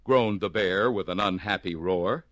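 A man narrating a rhyming storybook in a lively, playful storytelling manner. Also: low voice, unhurried, no echo. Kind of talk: storybook reading in rhyme. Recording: music playing behind.

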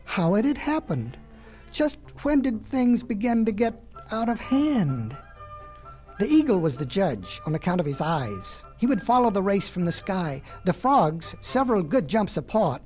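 A storyteller reading a children's animal tale in a folksy way, with chatty asides to the listener. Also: medium pitch.

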